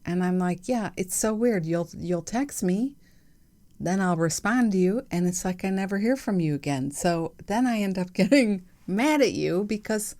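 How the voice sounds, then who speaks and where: A woman hosting her own podcast, talking candidly and reflectively in a chatty way with soft laughs. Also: mid-range voice, expressive, measured pace. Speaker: podcast host. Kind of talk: reflective solo podcast monologue.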